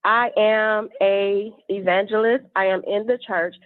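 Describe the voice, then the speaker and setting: A woman's voice: mid-range voice, fairly even intonation, unhurried, clean tone, no room sound. A woman caller who is an evangelist, delivering a preachy, indignant rant on a call-in show. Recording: tinny phone line.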